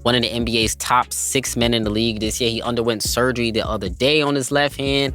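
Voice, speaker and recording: A man's voice: mid-range voice, steady tone, fast talker, fairly bright tone, soft background music. A man hosting a basketball podcast, talking emphatically and hyping players up, calling his listeners family. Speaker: podcast host. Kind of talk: enthusiastic basketball commentary.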